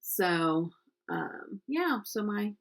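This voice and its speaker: A middle-aged American woman chats casually as she does her makeup, telling a story peppered with ums. Her medium-pitched voice is gravelly and sing-song, and she draws her words out in classic makeup-vlogger style.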